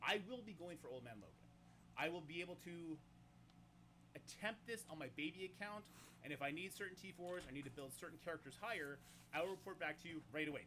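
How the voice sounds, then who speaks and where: Confident male guide narrator, slightly high voice, instructive, faint noise behind. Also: bright, forceful tone. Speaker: game guide creator. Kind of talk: explanatory game guide narration.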